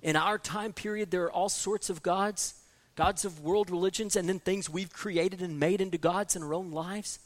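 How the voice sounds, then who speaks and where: A man preaching a sermon, repeating key phrases and swinging from soft, low passages to loud, emphatic ones. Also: steady tone, normal speed.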